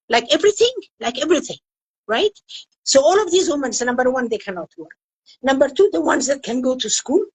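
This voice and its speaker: A woman's voice: sits high, husky, dry recording, poor audio. An older woman from Afghanistan, a women's rights activist, speaking earnestly in an emotional interview and repeating phrases for emphasis. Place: indoors in Kabul.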